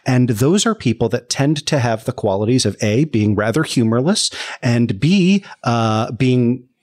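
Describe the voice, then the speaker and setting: A man who works as a lawyer for podcasts, a guest telling stories in an animated, self-deprecating way. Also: medium pitch, unhurried. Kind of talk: casual conversation.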